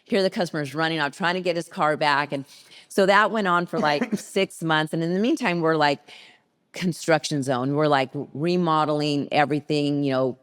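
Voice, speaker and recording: A middle-aged woman, a podcast guest, telling a story in a lively, casual way and acting out the people in it. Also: deep voice, moderate pace, clean tone. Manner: lively anecdote teller who acts out quoted people.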